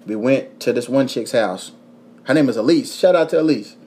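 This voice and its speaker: Profane, animated man from Kentucky. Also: mid-range voice, moderate pace. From Kentucky, USA. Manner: profane, animated storytelling with voiced quotes. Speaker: podcast host. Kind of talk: casual storytelling chat.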